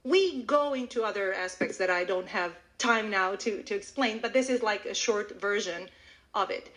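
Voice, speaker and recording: A woman language teacher explaining her methods on a live audio call, animated and demonstrative, with frequent restarts. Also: medium pitch, moderate pace, rough recording. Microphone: online audio call.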